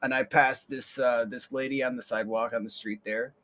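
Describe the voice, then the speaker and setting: A man's voice: mid-range voice, steady tone, fairly quick, a bit bright. A young man hosting a podcast, telling a rambling story with casual swearing and a lot of repeated words. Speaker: podcast host.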